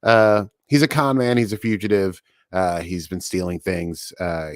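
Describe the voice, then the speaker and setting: Podcast co-host, male, low voice, casual recap chatter with laughs, dry recording. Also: no echo. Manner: chatty, laughing, quick asides.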